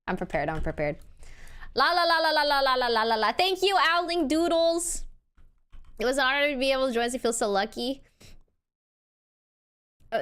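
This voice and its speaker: Young woman streamer, crying through casual chat, bright high voice with big swings. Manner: tearful, laughing between thank-yous to chat.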